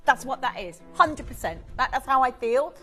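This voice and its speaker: A woman's voice: high-pitched, animated, normal speed, bright, forceful tone, soft background music. Effusive woman presenting on shopping TV. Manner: effusive, chatty, enthusiastic selling. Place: TV studio.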